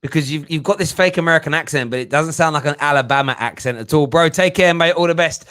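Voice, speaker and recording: Laid-back host. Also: male voice, on the high side, quick pace, fairly bright tone, smooth, dry recording. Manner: chatty, laughs easily, calls callers bro and mate. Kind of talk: call-in show hosting.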